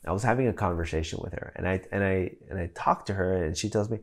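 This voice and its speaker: A man's voice: low voice, fast talker. A man in his thirties preaching a sermon as a pastor, telling a family story in a conversational, storytelling way.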